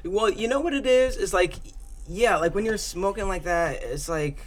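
A man's voice: high voice, moderate pace. A young man in casual chat, rambling with many fillers and laughing often.

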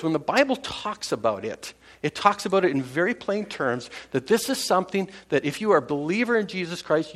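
A man's voice: high voice, a bit bright. A man preaching a casual sermon to his congregation, talking conversationally with many fillers and restarts and chuckling at his own jokes. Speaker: pastor.

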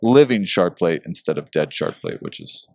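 A man talking a book over in casual chat, earnest and emotional, pausing with fillers. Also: deep voice, wildly swooping pitch, gravelly, darkish tone, no echo, studio quality.

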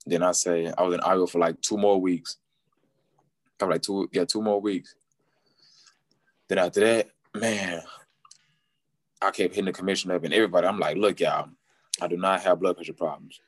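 A man's voice: deep voice, fairly even intonation, moderate pace, long pauses, dry recording. A man in his twenties, a guest casually telling a story in a slangy, repetitive way and quoting what people said. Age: 20s. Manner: slangy, repeats himself, quotes people.

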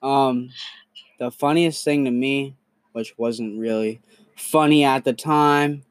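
A young man hosting a podcast in a casual, crude, animated storytelling manner. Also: medium pitch, slow, clear, resonant tone. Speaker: podcast host.

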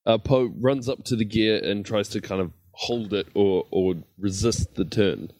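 A man's voice: lowish voice, a little slow, darkish tone, no room sound. A man playing a tabletop game, hesitantly describing what his character does in the third person. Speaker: player. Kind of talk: tabletop role-play narration of his character.

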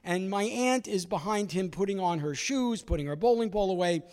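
A comedian from Brooklyn, New York, hosting a storytelling show, with a conversational, filler-heavy delivery. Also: male voice, sits high, lively intonation, normal speed, a little mellow, clean tone, in a large hall. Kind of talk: live stand-up storytelling. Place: theater stage before a live audience.

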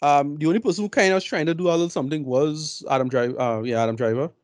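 A man's voice: on the high side, very fast, no room sound, clean studio sound. A man giving blunt, rambling film opinions in a casual podcast chat. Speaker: film review podcast co-host.

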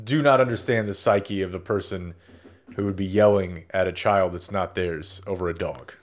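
Male podcast co-host, low voice, wry humor, casual chat. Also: normal speed. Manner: wry, joking.

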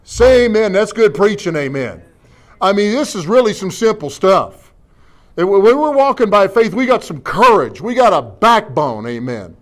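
A middle-aged male pastor with a fairly high voice, preaching in a folksy, joking way. He keeps asking the congregation questions and punctuating his points with amens. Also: very animated, normal speed. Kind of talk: sermon.

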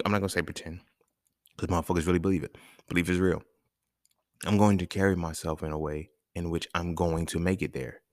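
Male podcast host, very low gravelly voice, blunt profane rant, dry close mic. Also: no echo. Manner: blunt, profane, animated rants with rhetorical questions. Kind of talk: casual solo podcast monologue.

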